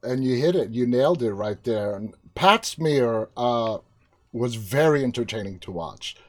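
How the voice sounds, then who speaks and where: A man's voice: mid-range voice, animated, a little slow. Enthusiastic man interviewing a director. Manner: enthusiastic, long winding questions. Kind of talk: casual interview.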